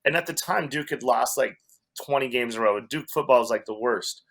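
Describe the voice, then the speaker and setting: A man's voice: mid-range voice, brisk, gravelly, fairly bright tone. A man from Wyoming, a comedian guest, casually telling a story with restarts and laughter. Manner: rambling, self-interrupting, laughs through the story.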